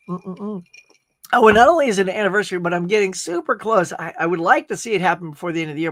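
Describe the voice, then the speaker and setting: A man's voice: fairly high pitch, a bit bright, dry recording, clean studio sound. A man hosting a casual livestream, chatting upbeat and rambling as he reads viewer comments. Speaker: livestream host. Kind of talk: casual live chat reading comments.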